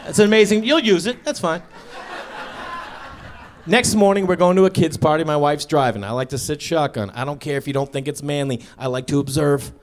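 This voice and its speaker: A man in his thirties doing stand-up storytelling on stage, acting out dialogue and shouting his punchlines. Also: a little high, unhurried, long pauses, slight background noise. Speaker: stand-up comedian. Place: stage before a live audience.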